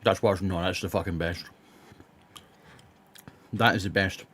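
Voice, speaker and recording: A man's voice: deep voice, steady tone, unhurried, a bit bright. A young man streaming live and chatting with his viewers. He is blunt, rambles, swears freely and has a sore throat. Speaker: live streamer reading chat. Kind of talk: casual live-stream chat.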